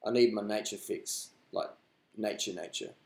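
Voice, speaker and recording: A man's voice: fairly low pitch, steady tone, moderate pace, vocal fry, a little mellow, reverberant. A man hosting a live stream, answering viewer questions in a blunt, rambling, profane way. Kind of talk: casual unscripted live stream chat.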